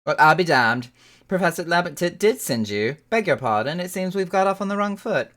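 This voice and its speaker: A woman's voice: on the low side, lively intonation, moderate pace, a bit bright, voice pushed up. A woman voicing a fussy, bookish young woman scholar with a put-on accent who rambles at length. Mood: prim. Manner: prim, wordy, rambling.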